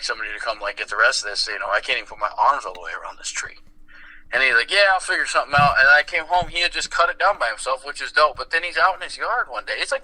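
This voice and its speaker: Bright-voiced, swearing podcast guy. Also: on the high side, rough recording. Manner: profane, storytelling, acts out quoted voices. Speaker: podcast co-host. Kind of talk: casual chat.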